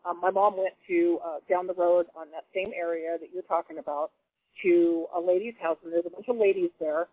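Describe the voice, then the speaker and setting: Animated woman on a tinny phone line. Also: on the low side, a little fast. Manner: animated, laughing storyteller. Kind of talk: casual storytelling.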